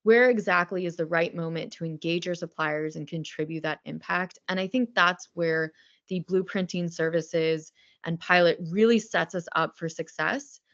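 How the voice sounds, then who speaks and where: A woman's voice: on the low side, normal speed, fairly bright tone. A woman representing a vendor answers a webinar question in a conversational way, with filler words, heard over a video call. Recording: dull lo-fi call audio.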